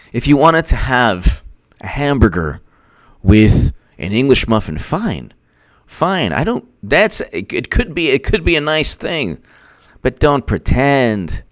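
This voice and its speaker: A man's voice: mid-range voice, big pitch swings, slow pace, long pauses, fairly bright tone, no room sound, clean studio sound. A man hosting casual livestream commentary, sarcastic and mocking, who laughs often and answers viewers' chat. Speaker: political commentator, host.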